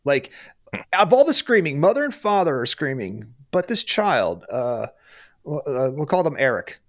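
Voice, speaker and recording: A man's voice: a little high, very animated, normal speed. A man narrating as game master, in a playful, dramatic storytelling manner.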